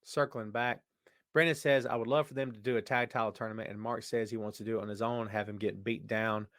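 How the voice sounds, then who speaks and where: Animated man hosting a wrestling podcast. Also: on the low side, quick pace, no room sound, clean studio sound. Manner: animated, reads out viewer comments. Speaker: podcast host. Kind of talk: live-chat wrestling talk.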